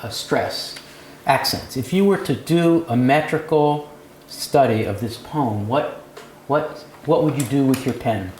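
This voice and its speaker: Speaking a little slowly in a darkish, medium-pitched voice, a man leads a poetry seminar, lecturing and quizzing the group. The setting is a cafe room with the seminar group, recorded with roomy acoustics and faint background noise.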